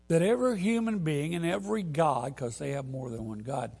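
A man preaching a sermon, telling a story and building to loud, emphatic peaks. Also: a little high, creaky, breathy edge.

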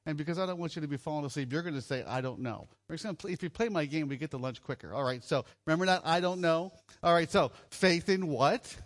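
A man with a fairly high voice preaching a sermon in an easygoing, chatty way. He throws questions to the audience and keeps things light with jokes. He sounds middle-aged. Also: quick pace, hardly any pauses. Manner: conversational, jokey, asks the audience questions. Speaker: preacher at a children's home gathering.

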